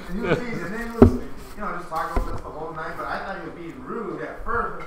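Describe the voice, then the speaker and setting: Young Californian man, chatty storyteller, higher voice, heard from afar in a very echoey room. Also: fast talker, few pauses, crowd noise. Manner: animated, chatty. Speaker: study group member. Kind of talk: casual storytelling. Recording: echoey room, far from mic.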